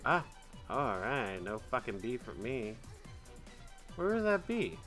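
Gamer host, male, bright and expressive, yelps then mutters, light music behind. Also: mid-range voice, slow. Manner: excitable, swings from loud yelps to muttered grumbling; swears and trash-talks the game. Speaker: gaming channel host. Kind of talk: casual gameplay commentary.

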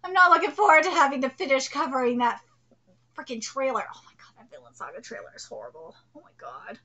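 A woman streaming a casual live reaction to a manga chapter, profane, excitable and blunt. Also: sits high, fast, lo-fi sound.

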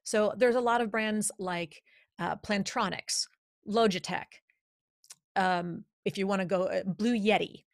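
A woman coaches her listeners in an energetic, emphatic podcast talk, leaning hard on key words to make her point. Her voice sits at an ordinary middle pitch for a woman. It is captured close on a studio podcast microphone in a home studio, with a very dry sound and no room echo. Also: unhurried, gravelly.

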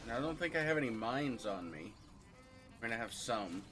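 A man's voice: medium pitch, lively intonation, a little fast. A man streaming a video game, chatting casually and laughing easily as he plays. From United States. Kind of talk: casual gameplay commentary. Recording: music playing behind.

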